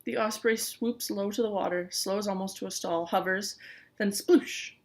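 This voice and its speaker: A woman reading a children's novel aloud in the first person, lively, with small stumbles. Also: mid-range voice, normal speed. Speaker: audiobook reader.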